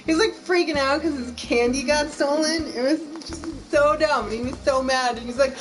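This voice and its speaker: A woman's voice: high-pitched, normal speed, few pauses, rough recording. An American woman streaming a game, chatting casually, gushing and laughing easily. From United States. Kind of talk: casual let's-play chat.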